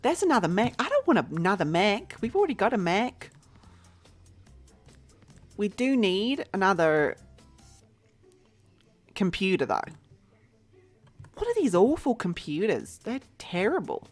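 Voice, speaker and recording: A woman's voice: medium pitch, huge pitch swings, a little slow, long pauses, soft background music. A woman streaming a life-simulation game, chatting bluntly to herself and viewers as she furnishes a store. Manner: chatty and blunt, talks to herself while building. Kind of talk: casual gameplay commentary.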